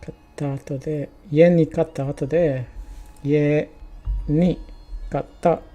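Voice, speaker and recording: A man streaming his Japanese study, sounding out practice sentences slowly with many restarts and chatting casually between them. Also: fairly high pitch, steady tone, warm tone, soft background music.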